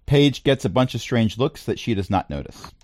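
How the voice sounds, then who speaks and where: A man narrating as game master of a tabletop game, relaxed and prone to chuckling. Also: medium pitch, normal speed, dry recording.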